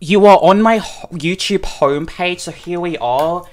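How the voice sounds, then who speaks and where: An overwhelmed streamer on the verge of tears reacts live at a normal speed, the voice pitched in the middle range. Excitable and full of swearing, the speech keeps stumbling into stammers and repeated words.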